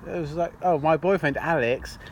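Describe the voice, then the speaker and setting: A man's voice: on the high side, moderate pace, a little hiss or hum. A man co-hosting a casual podcast chat in a pub, swearing freely and laughing often. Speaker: podcast co-host.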